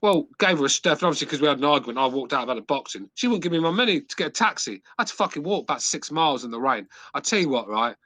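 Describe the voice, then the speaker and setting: A middle-aged man with an English accent tells crude, rambling stories on a podcast, swearing at every turn. His voice is bright and forceful. The sound is dry and close, with no room around it. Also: fairly high pitch, animated, rapid-fire, few pauses, no room sound. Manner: swears constantly, rambling anecdotes. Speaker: podcast host. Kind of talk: crude casual chat.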